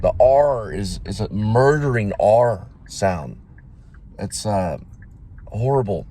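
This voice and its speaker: A man's voice: on the low side, lively intonation, slow pace, mellow. A man, chatting casually and rambling while he vlogs between delivery runs. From Texas. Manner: chatty, rambling, imitates accents. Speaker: vlogger and delivery driver. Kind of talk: casual vlog chat. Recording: noisy outdoor phone recording.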